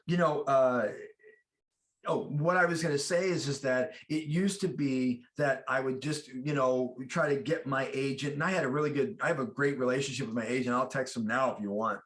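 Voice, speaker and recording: A middle-aged American man being interviewed as an actor, chatting casually and telling animated stories with lots of restarts. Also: medium pitch, moderate pace. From United States. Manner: animated storyteller, acts out quoted voices, many restarts. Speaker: guest actor.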